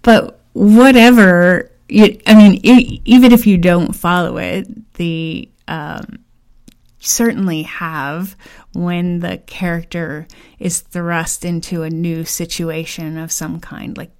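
A woman co-hosting a podcast in casual chat, thoughtful and a little hesitant, reaching for her words. She speaks slowly in a somewhat low voice. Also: a little mellow, smooth. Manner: thoughtful, hesitant, many fillers. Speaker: podcast co-host.

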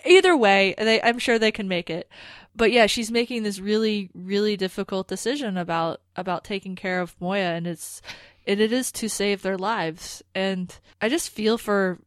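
A woman's voice: mid-range voice, moderate pace, dry recording. A woman co-hosting a podcast, talking casually and animatedly about a TV episode. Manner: animated, rambling, with restarts. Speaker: podcast co-host.

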